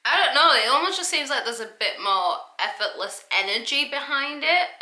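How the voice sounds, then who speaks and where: Bright, chatty young woman. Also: sits high, normal speed, soft background music. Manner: chatty, self-interrupting, animated. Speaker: YouTuber. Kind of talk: casual reaction vlog. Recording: echoey room.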